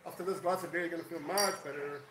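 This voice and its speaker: A man's voice: a little high, steady tone, quick pace, reverberant, noisy background. A man hosting a casual live stream, rambling and greeting viewers by name. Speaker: livestream host.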